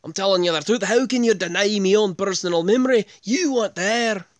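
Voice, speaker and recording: A man's voice: a little fast, dry recording, clean studio sound, close to an everyday voice. A man doing a put-on Irish accent, playing an indignant, leprechaun-like Irish man. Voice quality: high and loud, leprechaun-like. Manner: indignant, scolding. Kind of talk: impression within a vlog.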